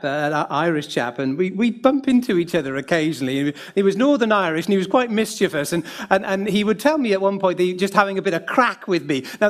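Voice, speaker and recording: With a high voice, a middle-aged man from the UK gives a soft, caring sermon and slips in a bit of gentle humour.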